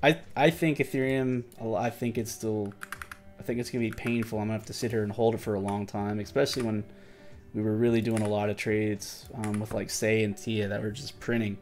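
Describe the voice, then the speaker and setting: A man's voice: lowish voice, flat delivery, a little fast, darkish tone, soft background music. Tired man rambling through a market stream. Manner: rambling, loose, self-correcting, slangy. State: tired and yawning. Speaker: crypto market stream host. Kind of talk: casual livestream market commentary.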